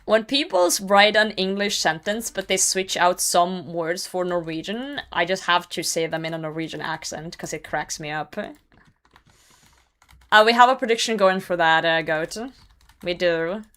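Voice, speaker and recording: A woman's voice: fairly low pitch, moderate pace, fairly bright tone. A young woman streaming a game and chatting casually, reading chat messages aloud and laughing often. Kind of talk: casual gaming livestream chat.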